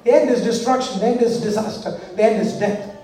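Male pastor, high voice, rhythmic call-and-response sermon; distant mic in a very reverberant church. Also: fairly even intonation, a little fast, warm tone. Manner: rhythmic call-and-response preaching with repeated parallel phrases. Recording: echoey church hall from far off.

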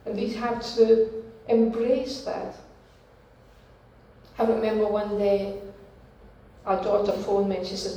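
A woman preaching a sermon, teaching slowly and deliberately and repeating her key phrases. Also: medium pitch, little pitch movement, dark tone, recorded from a distance. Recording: very echoey room, from off-mic.

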